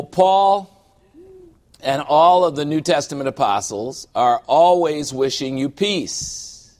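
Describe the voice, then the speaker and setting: A middle-aged pastor with a medium-pitched voice delivers a sermon in a conversational, humorous way. He acts out small scenes drawn from everyday life.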